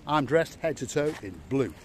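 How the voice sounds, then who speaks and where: A man's voice: medium pitch, expressive, normal speed, slight background noise. Jokey man giving a walking-tour commentary. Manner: jokey, playful, repeats words for emphasis. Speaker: vlog host and tour guide. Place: outdoor seaside promenade.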